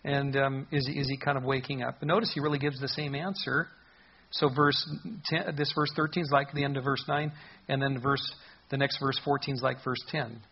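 Man, pastor, earnest conversational sermon, husky voice, dull lo-fi recording. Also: mid-range voice, flat delivery, normal speed. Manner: earnest, conversational, with frequent restarts and rhetorical questions. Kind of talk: verse-by-verse Bible teaching sermon.

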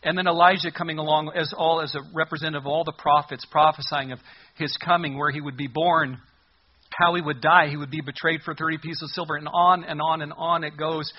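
Husky-voiced male preacher, lo-fi. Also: a little high, little pitch movement, a little fast. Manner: conversational preaching with humor and scripture reading. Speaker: pastor. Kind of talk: sermon.

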